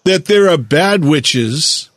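A man delivering a slow, deliberate lecturing monologue, drawing out words for emphasis. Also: a little high, animated, fairly bright tone, no room sound, clean studio sound. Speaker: speaker giving a monologue lecture.

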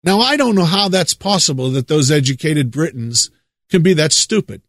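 A man from the United States preaching a monologue, leaning hard on drawn-out stresses and repeating words for effect. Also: a little high, expressive, no room sound, studio quality.

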